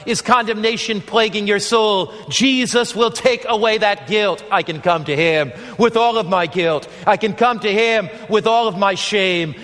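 A man's voice: sits high, a bit bright, in a large hall. A man preaching an evangelistic sermon as pastor, earnest and pleading, acting out the voices in his stories.

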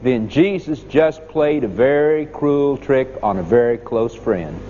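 A man's voice: mid-range voice, expressive, measured pace, dark tone. A man preaching a sermon in an emphatic, dramatic storytelling way. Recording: long hall reverb, dull lo-fi sound.

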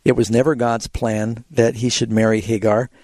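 Male radio Bible-show host, mid-pitched, dry studio sound, patient explainer. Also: flat delivery, normal speed, a little mellow, dry recording. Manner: explanatory, tells illustrative stories. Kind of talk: radio Bible question call-in.

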